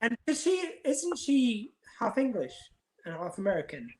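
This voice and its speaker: A woman from the United Kingdom co-hosts a casual chat podcast, her slightly high voice very animated at normal speed. She is chatty and leads the discussion with questions.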